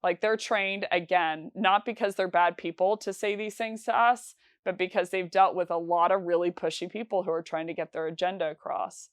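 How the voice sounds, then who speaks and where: Woman coaching on sales calls, lowish smooth voice, dry close sound, lots of restarts. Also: fairly even intonation, normal speed, few pauses, dry recording. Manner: conversational, with frequent fillers and restarts. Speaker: sales trainer. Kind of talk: instructional talk.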